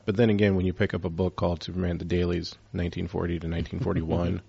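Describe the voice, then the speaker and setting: A man's voice: low-pitched, level tone, quick pace, gravelly, warm tone, breathy edge, dull audio. A man hosting a casual chat, rambling with lots of fillers.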